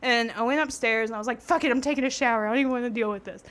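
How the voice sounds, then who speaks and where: A woman, co-hosting a podcast and telling a story in casual chat, animated and laughing. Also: on the high side, racing. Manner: animated, laughing, swearing freely. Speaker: podcast co-host.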